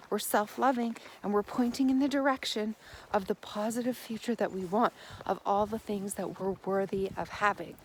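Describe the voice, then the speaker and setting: A woman giving a motivational self-help monologue. She is gentle and encouraging and often repeats her phrases. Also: mid-range voice, a little hiss or hum.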